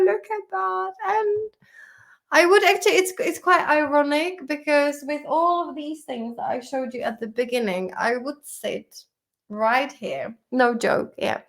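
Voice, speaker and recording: A woman's voice: sits high, vocal fry, fairly bright tone. A woman from the in her thirties, an English teacher chatting casually and emotionally, laughing and swearing as she goes through vocabulary. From Czech Republic. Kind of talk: casual vlog-style study session.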